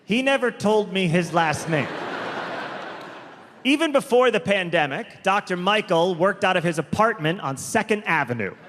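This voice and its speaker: A man performing a stand-up comedy set on stage, telling stories deliberately and drawn out, with quick asides. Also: high-pitched, lively intonation, fairly bright tone. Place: large theater stage. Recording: live comedy hall with long reverb, faint crowd noise.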